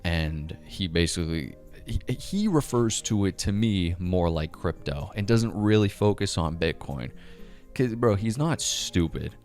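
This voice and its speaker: A low-voiced man rambling excitably through a casual monologue, swearing freely and jumping between thoughts. Faint music plays underneath his talk. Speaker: crypto commentator.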